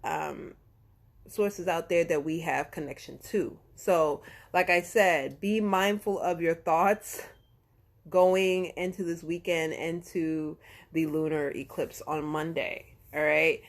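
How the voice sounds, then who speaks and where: A woman's voice: low voice, fairly even intonation, takes it slowly. A woman tarot reader in casual astrology talk on a live stream. She is slangy, swears now and then, corrects herself and keeps checking in with "okay?" and "right?".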